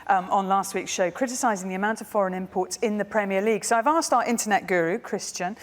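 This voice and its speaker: A woman hosting a talk show, putting brisk, teasing questions to her guest and linking in segments. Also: medium pitch, in a large hall.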